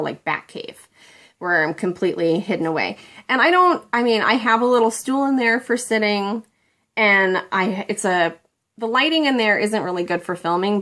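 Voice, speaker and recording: A woman's voice: medium pitch, a bit bright. Chatty woman vlogging from home. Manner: chatty, rambling, self-deprecating. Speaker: beauty vlogger. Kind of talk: casual chat to camera.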